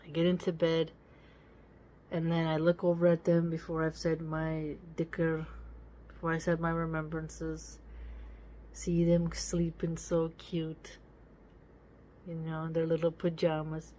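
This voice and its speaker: A woman's voice: low voice, completely flat delivery, unhurried, pauses often, mellow, slight background noise. A woman giving casual spoken commentary on a book. She talks to listeners directly in a preachy, emphatic way and repeats words for stress.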